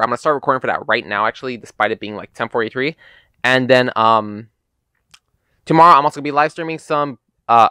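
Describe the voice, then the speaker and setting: A man's voice: medium pitch, bright, forceful tone, clean tone, dry recording. A young American man tells a casual, profane, rambling story in his vlog, full of filler words. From United States. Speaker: gaming YouTuber.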